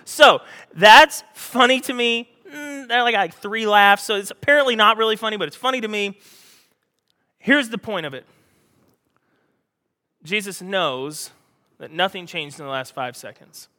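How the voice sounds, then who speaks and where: A male pastor preaching a sermon, animated and joking, acting out the scripture he reads. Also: high-pitched, normal speed, big-room sound.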